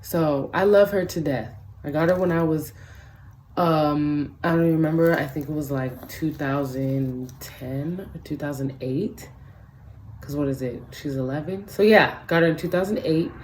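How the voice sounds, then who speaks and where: A woman's voice: sits low, normal speed, a little mellow, slight background noise. A woman vlogger ranting casually and emphatically, swearing freely and rambling with many fillers. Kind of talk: ranting vlog.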